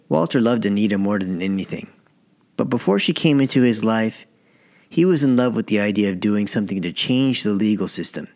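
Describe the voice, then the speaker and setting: Low-voiced man narrating a story. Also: animated, brisk, a little mellow. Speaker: author and narrator. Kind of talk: scripted audiobook narration.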